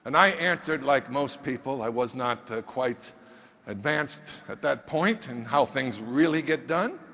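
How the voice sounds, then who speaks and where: A man giving an animated motivational speech from a stage, emphatic and firing questions at the audience. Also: mid-range voice, a little slow, slight background noise. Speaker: motivational speaker. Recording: long hall reverb on stage.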